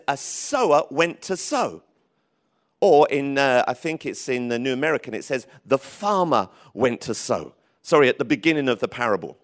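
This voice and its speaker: A man preaching a sermon in church, lively and emphatic, with frequent restarts. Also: mid-range voice. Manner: lively, rising to emphatic calls, with many restarts. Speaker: pastor.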